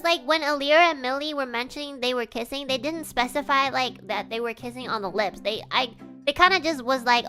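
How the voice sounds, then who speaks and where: Bright, giggly young woman telling a story. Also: sits high, fairly quick, smooth, soft background music. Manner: giggly, animated, full of "like" and "you know". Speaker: streamer. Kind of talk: casual storytelling on a live stream.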